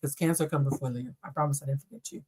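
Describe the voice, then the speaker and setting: A woman reads tarot on a live stream. She is animated and blunt, and she talks straight to her viewers and swears freely. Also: a bass voice, rapid-fire, husky. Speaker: tarot reader.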